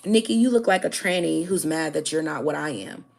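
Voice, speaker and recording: A woman's voice: low voice, expressive, brisk, gravelly. Blunt, fiery woman live-streaming. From United States. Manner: blunt, confrontational, profane; addresses viewers directly, repeating "okay?". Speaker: livestream host. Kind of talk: livestream rant answering chat.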